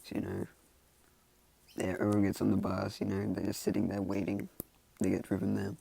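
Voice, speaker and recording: Man, casual story rambling, very gravelly, low, husky, lots of fillers. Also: completely flat delivery, fairly quick, mellow, no echo. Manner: rambling, full of "like" and "you know". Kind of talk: casual storytelling of fan fiction ideas.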